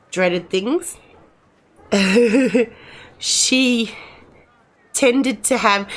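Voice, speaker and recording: A middle-aged woman, chatting casually with her live-stream viewers in a rambling way, full of restarts. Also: mid-range voice.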